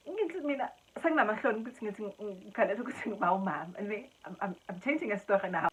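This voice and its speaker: A woman's voice: medium pitch, lively intonation, very fast, husky, poor audio. A young South African woman vlogger tells a story casually and with animation, switching between English and Zulu and Xhosa and laughing often.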